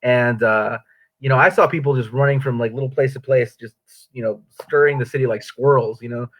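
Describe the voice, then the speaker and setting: A man's voice: medium pitch, brisk. A man hosting a casual conversation, joking and laughing between short replies. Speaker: interviewer.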